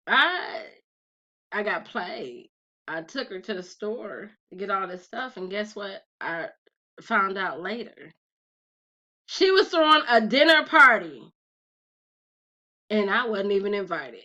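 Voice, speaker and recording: A young adult woman telling a personal story in a casual vlog, talking straight to her viewers in a chatty, animated way. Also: mid-range voice, unhurried. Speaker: vlogger. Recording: slightly dull lo-fi recording.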